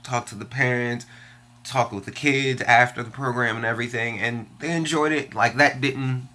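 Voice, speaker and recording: Speaking at a normal pace, this young man from Washington, D.C. fires off a profane, frustrated vlog rant, venting bluntly. His medium-pitched voice holds a steady tone but sounds pushed and bright.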